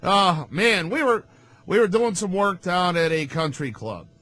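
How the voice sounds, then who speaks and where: A man rants straight to his viewers in a sarcastic, mocking tone, blunt and unapologetic. His voice sits fairly high for a man. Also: animated, a little slow, sharp tone. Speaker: ministry vlogger. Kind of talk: ranting vlog monologue.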